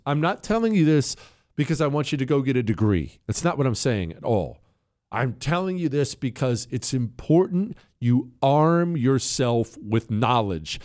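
A man's voice: mid-range voice, a little mellow, no echo, clean studio sound. A man hosting his own talk show, talking in a sarcastic, combative, mocking way. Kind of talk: opinionated radio talk.

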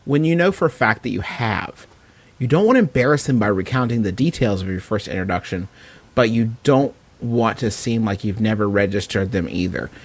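A man's voice: lowish voice, a little fast. A man co-hosting a comedy podcast, joking around and reading out listener questions. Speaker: podcast co-host. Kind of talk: casual comedic banter.

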